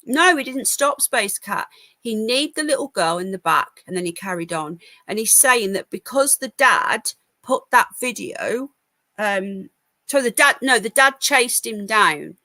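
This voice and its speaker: A woman's voice: fairly high pitch, animated, measured pace, bright, forceful tone, no room sound. A tired woman from the UK hosting a casual live news stream, giving blunt opinions and reading out chat comments. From United Kingdom. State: tired, yawning. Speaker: livestream news host.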